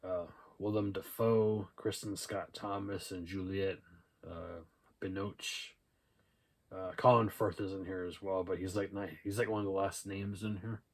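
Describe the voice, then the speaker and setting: This young vlogger's low, unhurried voice walks through a casual haul video of thrift-store films. He reads out the DVD titles and casts, relaxed and meandering, with "uh" and "um" turning up again and again.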